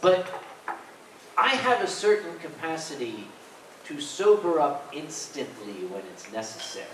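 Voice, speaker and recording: Animated Southern man telling stories in a roomy hall. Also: a little high, measured pace. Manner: animated, comic storyteller. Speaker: convention staff panelist. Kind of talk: storytelling to a live panel audience. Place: convention panel room. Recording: roomy hall, distant, faint noise.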